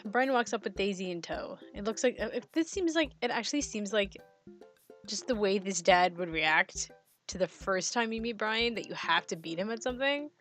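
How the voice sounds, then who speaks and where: A woman's voice: mid-range voice, lively intonation, moderate pace, fairly bright tone, soft background music. Giggly chatty woman streamer. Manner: giggly, chatty, reads game text aloud. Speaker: game streamer. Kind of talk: let's-play commentary. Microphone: headphones and mic.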